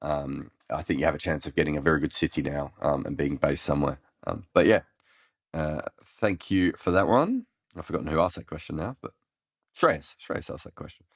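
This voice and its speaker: A man's voice: extremely low pitch, a little fast, no room sound, clean studio sound. A man hosting a live cricket Q&A, rambling through answers with many ums and restarts. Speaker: cricket analyst host answering listener questions. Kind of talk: casual live Q&A chat.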